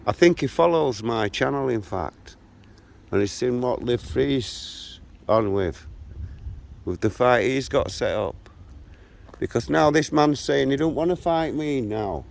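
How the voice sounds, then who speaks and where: A man's voice: mid-range voice, expressive, a little slow, gravelly. A man of sixty-three, telling a tough local story in a blunt, combative way while walking around outdoors. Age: 60s. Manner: blunt, combative retelling of a confrontation. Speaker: vlogger. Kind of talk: walkabout storytelling to camera.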